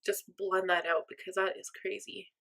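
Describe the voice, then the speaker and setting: A woman's voice: mid-range voice, level tone, normal speed, creaky, a bit bright. Chatty woman thinking aloud. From mostly German, part Irish and Norwegian descent. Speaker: makeup vlogger. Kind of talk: casual makeup tutorial chat.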